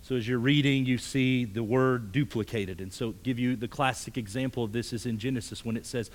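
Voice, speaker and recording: A male pastor preaching a sermon, emphatic, often repeating words, moving between strong raised passages and hushed near-whispered lines. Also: mid-range voice, a little fast. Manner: emphatic, rising to forceful peaks then dropping to hushed near-whispers; repeats words when stressing a point.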